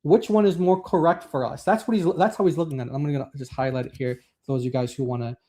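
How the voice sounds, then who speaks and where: A man with a somewhat high, mellow voice talks through a text in casual discussion. He rambles with many fillers and slows down when he reads quotes aloud. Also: fairly even intonation, a little hiss or hum. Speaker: co-host.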